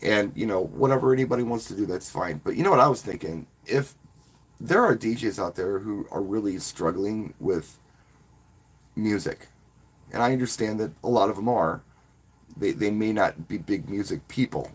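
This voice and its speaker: Speaking at a normal speed, this man has a low, slightly rough voice. He's a wedding DJ and channel host, talking loosely and warmly to live stream viewers, wandering off topic and frequently starting his sentences over.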